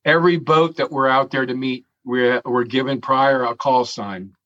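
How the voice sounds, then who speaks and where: A man's voice: mid-range voice, steady tone, a bit bright, highs cut off. A man telling a long story in an interview, swearing freely and chuckling as he goes. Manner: profane, chuckling, drawn-out storyteller. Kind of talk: casual storytelling.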